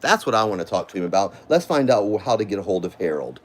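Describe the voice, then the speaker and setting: Livestreamer ranting with lively swooping pitch. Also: fast. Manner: profane, mocking, sing-song taunts. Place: home, indoors.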